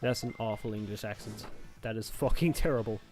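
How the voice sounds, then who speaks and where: A man's voice: fairly low pitch, a little fast, darkish tone, soft background music. A man chatting casually on a live gaming stream, rambling and swearing as he goes and often correcting himself mid-sentence. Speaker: game streamer.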